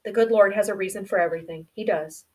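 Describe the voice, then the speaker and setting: A woman doing a solemn, steady farm father. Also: mid-range voice, fast, distant mic, natural voice.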